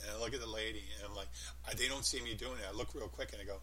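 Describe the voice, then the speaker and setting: A man's voice: on the low side, fairly even intonation, rapid-fire, pushed and bright, a little hiss or hum, low-quality recording. A man in casual chat, telling rambling stories with lots of emphasis.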